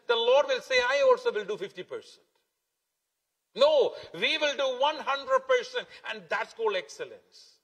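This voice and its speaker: A man's voice: very high voice, fairly bright tone. A man preaching a sermon as pastor, emphatic and repetitive, stretching key words. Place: church hall. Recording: long hall reverb.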